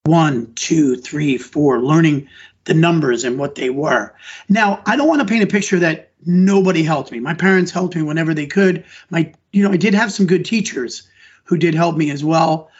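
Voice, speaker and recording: Middle-aged man, teacher type, slightly high husky voice, earnest and rambling in an interview, dull recording. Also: moderate pace. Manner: earnest, rambling, restarts sentences. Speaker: elementary school teacher. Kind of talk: conversational podcast interview answers. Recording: dull lo-fi audio.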